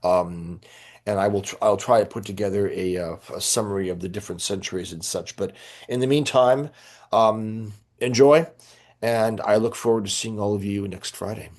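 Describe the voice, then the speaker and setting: This middle-aged man, a priest and church history teacher, has a lowish, somewhat mellow voice at an ordinary pace. Answering questions in a loose lecture style, he wanders, restarts often, and fills gaps with verbal fillers.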